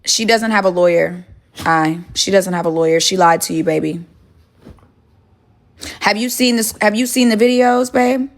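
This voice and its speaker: A woman's voice: medium pitch, moderate pace, long pauses. Woman, young adult, livestream chat, phone mic, home kitchen, blunt, argumentative, swears a lot. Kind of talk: casual livestream chat, answering viewers.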